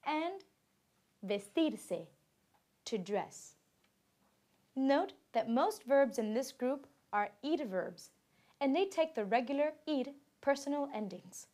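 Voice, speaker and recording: A woman reading scripted textbook narration in a slow, careful, even delivery, giving examples in two languages. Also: fairly high pitch.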